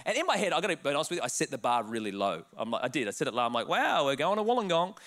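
An Australian man, a pastor, telling a comic, self-mocking story in an animated sermon. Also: medium pitch, rapid-fire.

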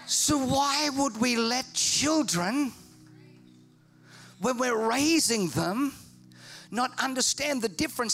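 A man preaching a sermon in an animated, joking and emphatic way. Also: very high voice. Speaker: pastor.

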